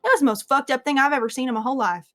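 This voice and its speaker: Woman playing a foul-mouthed excitable squire. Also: sits high, very fast. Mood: excited. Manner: excited, swearing storyteller.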